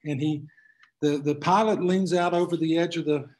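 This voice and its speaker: A man's voice: a little high, steady tone, normal speed, darkish tone, a little hiss or hum, low-quality recording. A man, an attorney, lecturing a class in a conversational way, often restarting his sentences. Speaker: attorney giving a class talk. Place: room full of people.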